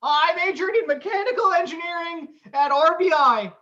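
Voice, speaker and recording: A woman's voice: very high-pitched, animated, normal speed, sharp tone, full character voice. A young woman playing a flustered, stammering young man at a job interview, in an amateur stage comedy on a dull lo-fi recording. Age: young adult. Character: bumbling young man job applicant, nervous and oddball.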